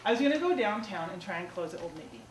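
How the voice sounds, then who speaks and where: A woman's voice: medium pitch, sing-song, very fast, distant mic. A woman performing comic stand-up storytelling on stage, chatty and self-mocking, with many casual fillers. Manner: chatty, self-mocking, lots of "like" and "you know". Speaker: comedic storyteller. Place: small theater stage before a live audience. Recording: echoey theater taped from afar with audience noise.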